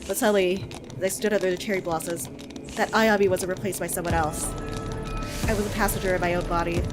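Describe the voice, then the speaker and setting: A woman reading the narration of a haunted woman detective in a game, in a low, hushed, somber voice. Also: steady tone, fast talker, over music, natural voice. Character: haunted woman detective recalling her own deed.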